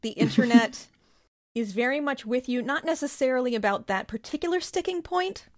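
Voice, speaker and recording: A woman hosting a casual podcast, a therapist talking in a playful, animated way. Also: high voice, normal speed.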